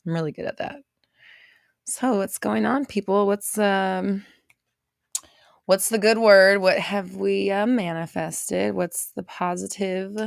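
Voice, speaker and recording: A woman hosting a livestream from a home setup, speaking slowly into a close, dry microphone. Her voice has a gravelly fry to it, and she is chatty and playful as she greets her viewers. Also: medium pitch, steady tone, no echo. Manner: chatty and playful, reads out viewer names and laughs often. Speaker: host of a livestream show. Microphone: visible desk microphone on an arm.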